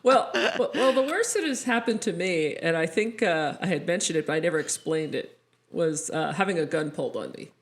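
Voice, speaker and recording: Woman, podcast co-host, lively storyteller with a wide-ranging voice, laughs easily. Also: fairly low pitch, brisk. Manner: animated storyteller, laughs often. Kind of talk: casual storytelling chat.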